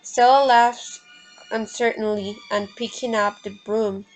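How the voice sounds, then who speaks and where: A woman's voice: a little high, fairly even intonation, measured pace, soft background music, low-quality recording. A woman reading the stage directions of a play aloud, carefully and with small slips. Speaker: reader of a play.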